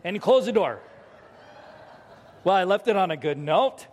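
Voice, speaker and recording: A man preaching a sermon as pastor, telling a parenting story and acting out the scenes with lively energy. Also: sits high, moderate pace, background noise. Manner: animated storytelling, acts out scenes. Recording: hall reverb.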